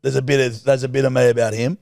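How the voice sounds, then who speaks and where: A man's voice: medium pitch, little pitch movement, rapid-fire, creaky, a little mellow, no room sound, studio quality. A man co-hosting a podcast, joking and teasing in crude casual banter. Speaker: podcast co-host.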